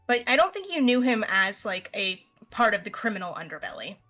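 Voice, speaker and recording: A young woman narrating as game master of a tabletop game, halting, with many fillers. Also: mid-range voice, big pitch swings, pushed and bright, soft background music.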